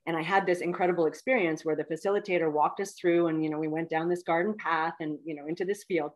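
A woman in her fifties, a guest telling a personal story in a heartfelt, animated way with many fillers. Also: low-pitched, fast. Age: 50s.

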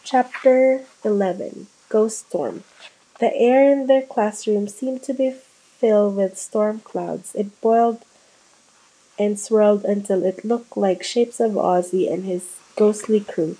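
A woman reading a children's ghost storybook aloud, voicing the kids' lines with a lively lift. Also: mid-range voice, slow pace, husky, low-quality recording. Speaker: audiobook reader. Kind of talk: storybook narration.

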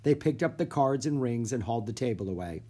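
Animated children's storybook narrator. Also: medium pitch, a little fast. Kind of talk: children's chapter-book read-aloud.

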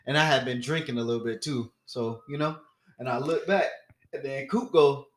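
A man's voice: mid-range voice, moderate pace. A young man on a podcast, telling a story casually and acting out the other people's voices with lots of laughing. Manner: animated, acts out quoted voices, laughs often. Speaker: podcast co-host.

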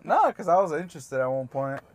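A man's voice: a little high, sing-song, fairly quick. A young man co-hosting a casual podcast, talking in a laid-back, slangy way and trailing off. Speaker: podcast co-host.

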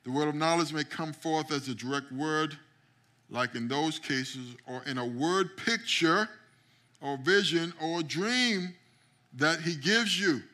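A middle-aged man preaching a sermon as pastor, telling stories and acting out quotes, building up to loud climaxes. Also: fairly high pitch, takes it slowly. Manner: storytelling, acts out quotes, builds to shouting climax.

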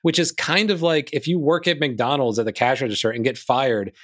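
A man's voice: medium pitch, steady tone, brisk, fairly bright tone. Chatty man recapping with dry humor. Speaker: podcast host. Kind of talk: casual chat.

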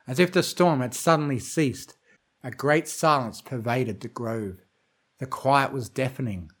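A man reading a horror fan fiction story aloud with measured, dramatic storytelling. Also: mid-range voice, husky, poor audio.

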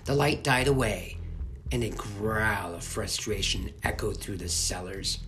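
A man narrating a children's fantasy novel as an audiobook, expressive and measured. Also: lowish voice, slight background noise. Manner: expressive, slow storytelling. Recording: soft music underneath.

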